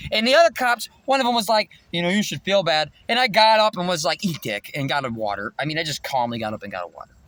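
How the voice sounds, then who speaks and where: A man ranting to camera in a rambling, profane monologue, swinging between shouting and muttering. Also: very high-pitched, dry recording. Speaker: vlogger.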